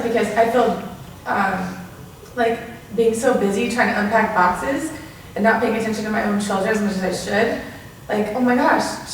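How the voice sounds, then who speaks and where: A woman's voice: medium pitch, slight background noise. A mother thanking a teacher, talking emotionally and gushingly about her child. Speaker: parent. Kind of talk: emotional testimonial. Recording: echoey room from far off.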